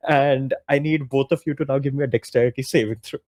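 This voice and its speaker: A man's voice: medium pitch, steady tone, quick pace, darkish tone. A young man narrating as game master in a tabletop game, casual and full of fillers, often laughing.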